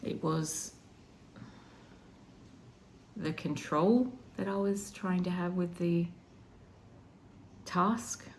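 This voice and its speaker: A woman intuitive healer speaking in a soft, reflective and emotional way about her spiritual practice. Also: lowish voice, drawn-out words, long pauses, a little hiss or hum.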